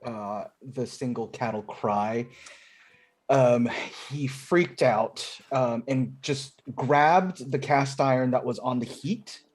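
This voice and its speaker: A man in a tabletop session speaks slowly and at an unhurried pace. He thinks aloud while laying out his character's actions. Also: mid-range voice. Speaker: player.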